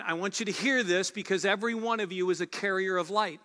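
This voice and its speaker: A man's voice: high voice, fast, hardly any pauses, bright, forceful tone. A man preaching a sermon as pastor, earnest and conversational, driving points home with repeated phrases. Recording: long reverb of a large hall.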